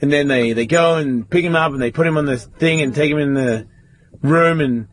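A man's voice: on the high side, moderate pace. A man, casually telling a story on a podcast and swearing often. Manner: swearing often, animated retelling.

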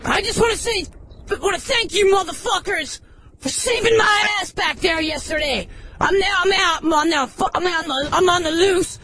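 Unhinged male scorpion caller with a very high voice, manic and profane, heard over a noisy line. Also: normal speed, full character voice. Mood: manic ranting. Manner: profane, manic, shouting, stammering. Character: deranged male scorpion, unhinged war-veteran ranting.

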